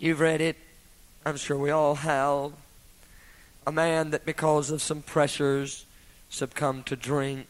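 A man preaching a sermon with dramatic swings between loud, impassioned peaks and hushed whispers. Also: on the high side, little pitch movement, slow, pauses often, rough recording.

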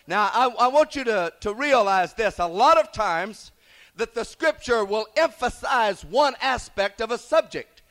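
A man preaching a revival sermon, emphatic, repeating "Praise God" and slowing down to stress scripture. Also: very high-pitched, animated, fairly bright tone.

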